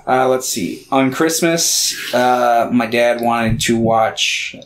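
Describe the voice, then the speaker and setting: Co-hosting a laid-back podcast, this man talks slowly at a medium pitch, and there's a slight hiss or hum on the recording. His chat wanders, heavy with filler words and offhand curses.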